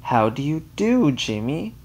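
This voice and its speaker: A man's voice: on the high side, very animated, a little slow, darkish tone, a little hiss or hum, voice pushed up. A man voicing a gushing, girlish young woman visitor.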